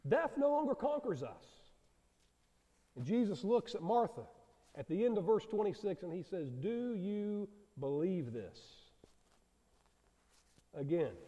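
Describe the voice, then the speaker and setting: A man's voice: fairly high pitch, dark tone. A man preaching a sermon to a congregation, earnest and asking them direct questions. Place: church sanctuary. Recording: long hall reverb.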